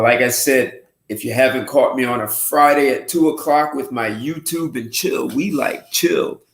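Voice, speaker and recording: A man hosting a casual livestream show, talking in an unhurried, musing way with frequent restarts and throat clearing. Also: mid-range voice, a bit bright. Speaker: host. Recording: roomy echo.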